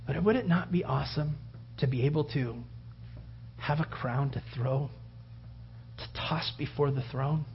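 A man preaching a sermon, acting out the story with loud outbursts and hushed whispers. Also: medium pitch, a little slow, pauses often, slight background noise. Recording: dull lo-fi sound.

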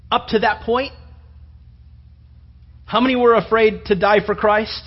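A man preaching a sermon, telling the story with animated storytelling and acting out the disciples' voices. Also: sits high, moderate pace, long pauses, husky, muffled recording. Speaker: pastor.

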